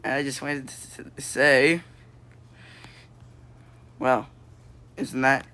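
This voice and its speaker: A man improvising a goofy VR puppet comedy, excitable and silly, breaking into sudden squeals. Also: medium pitch, extremely slow, noisy background. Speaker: puppet show creator.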